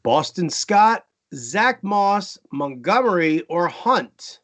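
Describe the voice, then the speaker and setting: A male co-host of a live fantasy football stream. His pitch swings widely as he jokes and rattles off quick questions. He sounds playful and fast on his feet. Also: very animated, a bit bright. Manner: jokey, quick-fire, rattles off player lists.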